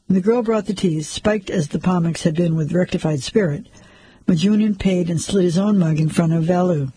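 Husky man narrating a crime story. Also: high-pitched, brisk, dark tone, poor audio. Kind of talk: audiobook narration.

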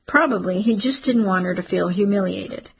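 A woman narrating a novel as an audiobook in a wry, even storytelling manner, with a husky, breathy voice. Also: medium pitch, moderate pace, poor audio. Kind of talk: scripted narration.

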